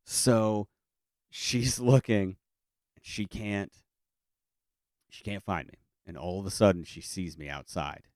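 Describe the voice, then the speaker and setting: A man's voice: sits low, animated, slow pace, long pauses, darkish tone, no echo, studio quality. A middle-aged man telling a childhood story in a casual, comic way, rambling with lots of fillers and restarts. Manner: acts out family voices in quotes.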